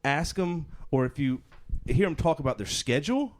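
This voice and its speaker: A man hosting a podcast, chatting quickly and casually with jokes. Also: on the high side, lively intonation. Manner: quick, conversational, joking. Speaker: podcast host. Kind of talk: casual chat.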